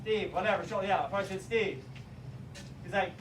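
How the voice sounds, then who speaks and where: Man, very high voice, animated storyteller, acts out voices, echoey room, distant mic. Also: brisk, a little hiss or hum. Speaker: teacher trainer telling a story. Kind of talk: storytelling talk to a live audience.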